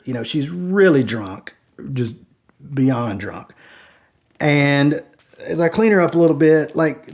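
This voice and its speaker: A man telling a true story in a casual way, acting out the dialogue and saying "like" often. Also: mid-range voice. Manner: animated, acts out each line of dialogue, many "like" fillers. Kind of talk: casual spoken anecdote.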